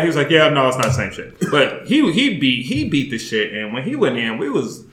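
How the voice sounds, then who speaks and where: A man with a mid-range voice hosts a podcast, talking a little fast with hardly any pauses, and the recording has a roomy sound. He tells a story in casual chat, laughing and swearing as he goes in an animated retelling.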